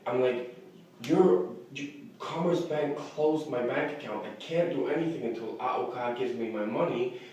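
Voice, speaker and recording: A man's voice: medium pitch, moderate pace, darkish tone. A man telling of his mistreatment in an upset personal account, agitated and repeating himself. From not American. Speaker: interviewee. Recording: very echoey room from far off.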